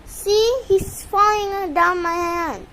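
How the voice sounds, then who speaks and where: A woman's voice: very high voice, slow, sharp tone, slight background noise, rough recording. A woman filming her pet bird at home on a handheld phone, cooing at it and scolding it in baby talk. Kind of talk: casual phone vlog talking to a pet. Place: indoors at home with a fan on.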